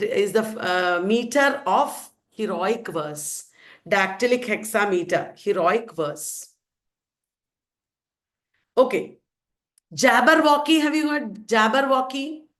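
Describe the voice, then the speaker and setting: A woman's voice: medium pitch, a bit bright. Playful woman teacher quizzing a class. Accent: Indian English. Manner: playful, asks questions and answers them herself. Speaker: literature teacher. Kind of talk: quizzing students in a revision lecture.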